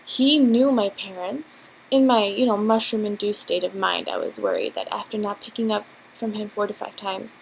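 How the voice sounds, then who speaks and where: A woman's voice: mid-range voice, gravelly, slight background noise, low-quality recording. A young woman telling a storytime vlog at home into a laptop mic, rambling and giggly with many fillers. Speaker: vlogger. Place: home, indoors. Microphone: built-in laptop mic.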